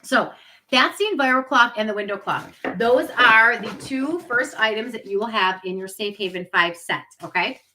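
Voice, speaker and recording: A woman's voice: on the high side, animated, moderate pace, noisy background. A woman in her forties hosting a live product demo on webcam, chatty and upbeat, with asides to her viewers. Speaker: product party host.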